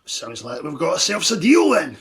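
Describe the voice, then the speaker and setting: A man's voice: high voice, huge pitch swings, moderate pace, voice pushed up. A man voicing a huge, brutish male warlock who talks in coarse, blunt slang. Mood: gruff.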